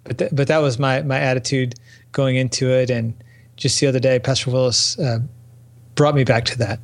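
A man's voice: medium pitch, fairly even intonation, normal speed. A man speaking as a guest in a casual interview, reflective and stop-start. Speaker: podcast guest, life coach.

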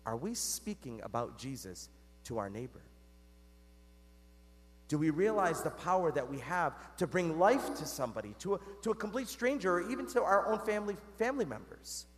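A priest preaches a sermon in an earnest, chatty way, his high voice swinging up and down. He keeps asking his listeners questions, and the long reverb of the church trails after his words. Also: animated, normal speed. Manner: addresses the congregation as "guys". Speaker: Catholic priest.

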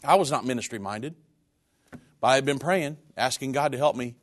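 A man's voice: medium pitch, a little fast. A middle-aged man in ministry giving an earnest, emotional sermon testimony about his own life. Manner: earnest, personal, emotional storytelling.

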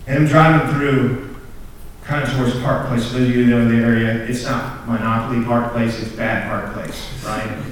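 A man's voice: medium pitch, moderate pace, slight background noise. A young man telling a story in a sermon to students, earnest and self-deprecating, repeating words as he gets going. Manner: earnest, self-deprecating, laughs at his own stories; repeats and restarts words when excited. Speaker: speaker at a student group meeting. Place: large room full of students. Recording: very echoey room, heard from a distance.

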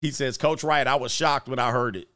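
Brisk and clean-toned, a middle-aged man with a medium-pitched voice hosts a casual livestream in studio quality without room sound. He goes through chat comments, voicing quoted lines, and keeps things loose and animated with frequent laughter.

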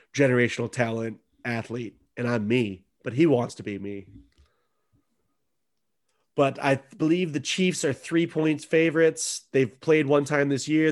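A man co-hosting a casual sports podcast, joking sarcastically and swearing freely. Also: medium pitch. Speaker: podcast co-host.

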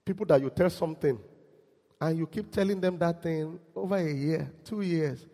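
Male pastor, slightly raised pitch, animated sermon delivery, long hall reverb. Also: moderate pace. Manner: animated, quizzes the congregation, acts out quotes. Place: church.

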